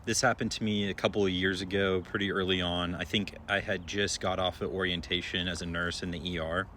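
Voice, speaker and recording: A young man who works as an emergency room nurse tells a story in a relaxed, chatty way, with many filler words. His voice sits a little low. A faint hum is heard behind him. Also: a little fast. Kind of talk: casual storytelling to followers.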